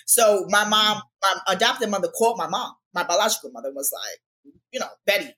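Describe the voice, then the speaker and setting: Woman, quick delivery, animated storyteller, podcast guest, casual chat. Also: medium pitch. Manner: animated, acts out quoted voices in her stories. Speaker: podcast guest, intuitive life strategist.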